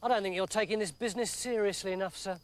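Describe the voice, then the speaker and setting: Man doing a high-voiced sarcastic soldier servant, nervy and wheedling, storybook. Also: fast, natural voice. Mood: anxious. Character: cheeky nervous male servant soldier.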